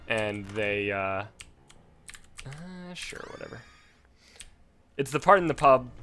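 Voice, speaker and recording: Young male game streamer, mid-pitched, loose rambling delivery full of fillers, faint typing noise in the background. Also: fairly bright tone. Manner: rambling, many fillers and restarts. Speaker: gaming streamer. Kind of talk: casual commentary while playing.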